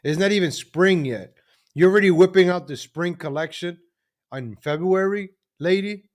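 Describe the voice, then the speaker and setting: A man's voice: high-pitched, moderate pace. Sarcastic male commentary host. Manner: mocking, sarcastic running commentary. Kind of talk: live political commentary.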